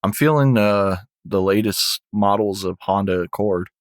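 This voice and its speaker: A man's voice: on the low side, a little slow, no room sound. Laid-back rambling male podcaster. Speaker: podcast co-host. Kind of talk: casual chat.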